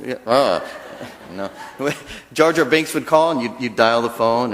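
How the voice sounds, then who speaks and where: A man's voice: medium pitch, a little slow, fairly bright tone. A man giving a chatty, joking dharma talk as a temple minister. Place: temple hall. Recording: long reverb of a temple hall.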